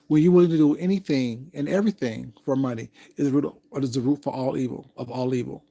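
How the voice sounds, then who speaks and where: A man chats with his livestream viewers in a sassy, drawling style, calling them baby. His delivery is loose, casual, and unhurried. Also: a little high, creaky, warm tone. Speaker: livestream commentator.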